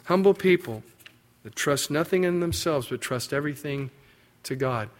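Animated man preaching a sermon. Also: normal speed. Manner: animated, acts out biblical quotes with rising pitch and emphasis. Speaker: pastor.

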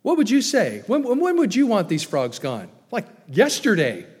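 A man's voice: high-pitched, wildly swooping pitch, normal speed, darkish tone, slightly rough. A man preaching a sermon as a pastor, emphatic, with many rhetorical questions. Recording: long hall reverb.

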